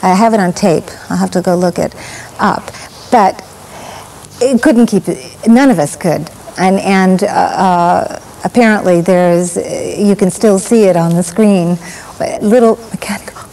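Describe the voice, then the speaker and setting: A woman, an actress, reminiscing in an interview, talking haltingly with frequent restarts and light chuckles. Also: lowish voice, dark tone, a little hiss or hum, rough recording.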